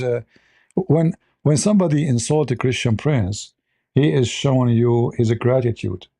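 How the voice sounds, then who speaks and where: A man's voice: mid-range voice, gravelly, dark tone. A man hosting a live commentary show, blunt and sarcastic, speaking in broken English grammar. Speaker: host.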